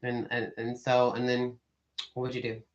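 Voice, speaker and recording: A man hosting a casual chat as a psychic medium, telling rambling, animated stories full of fillers and swearing. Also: mid-range voice, moderate pace, muffled recording.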